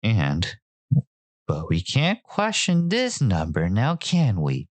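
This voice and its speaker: A man's voice: fairly low pitch, huge pitch swings, slow, no room sound. A man hosting a podcast, giving casual commentary in reaction to clips, with sarcastic joking asides. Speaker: podcast host.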